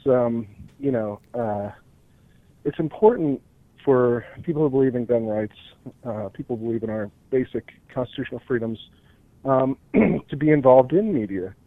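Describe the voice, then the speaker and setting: A man who is a writer, a guest on a radio show, answering earnestly and haltingly with many ums. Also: medium pitch, dry recording. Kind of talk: phone-in interview. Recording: tinny phone line.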